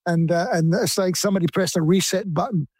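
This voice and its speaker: A man's voice: high voice, fairly even intonation, quick pace, darkish tone, husky, dry recording. An older Scottish man, a musician guest in an interview, talking in a reflective way with many restarts. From Scotland. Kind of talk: relaxed conversational interview.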